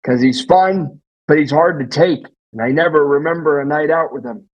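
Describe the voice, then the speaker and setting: A man playing an odd, deadpan exotic animal handler who is a guest on a comedy podcast, talking in a fussy, apologetic way. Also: fairly high pitch, moderate pace, muffled recording, close to an everyday voice.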